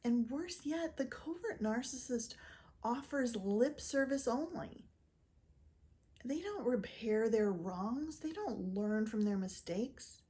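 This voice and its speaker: A woman presenting a scripted educational talk to camera, explaining clearly and measuredly, now and then voicing example quotes. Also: a little high, animated, takes it slowly, dark tone. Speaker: physician and narcissistic abuse educator.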